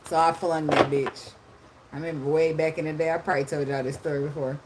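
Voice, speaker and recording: A woman's voice: deep voice, level tone, fast talker, darkish tone, slight background noise. Blunt, profane woman tarot reader. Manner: blunt, profane, laughs often. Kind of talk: casual unscripted monologue.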